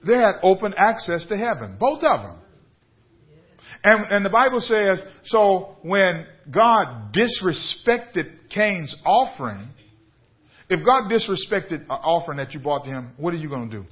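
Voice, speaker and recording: A man's voice: sits high, very animated, moderate pace, dull audio. A man, a bishop preaching a radio sermon, building up to emphatic repeated questions to his listeners. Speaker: bishop and pastor.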